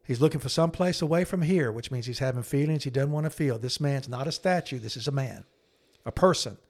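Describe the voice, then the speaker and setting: Earnest storytelling man, halting delivery. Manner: earnest, halting, with frequent restarts and fillers; acts out quoted speech in a low, hushed voice. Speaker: podcast co-host and counselor. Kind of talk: conversational storytelling.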